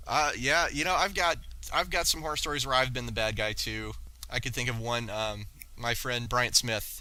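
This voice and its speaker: A man in his forties, a podcast guest, telling stories in a lively way with many stammers and restarts. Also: medium pitch, poor audio. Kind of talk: casual storytelling.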